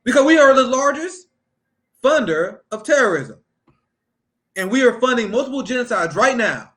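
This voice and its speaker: High-voiced man in a profane political rant. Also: very animated, moderate pace, a bit bright. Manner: heated, profane, laughs often. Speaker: political commentary host.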